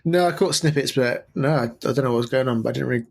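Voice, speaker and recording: A man co-hosting a podcast in casual chat, with a lively, swooping way of talking. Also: mid-range voice, rapid-fire, creaky, slight background noise. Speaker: podcast co-host.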